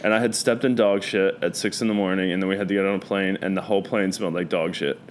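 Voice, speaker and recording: A man's voice: low voice, steady tone, fast talker, a little hiss or hum. A man telling stories as a guest in a casual chat, rambling and profane, full of fillers. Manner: rambling storyteller, loose and profane, many fillers.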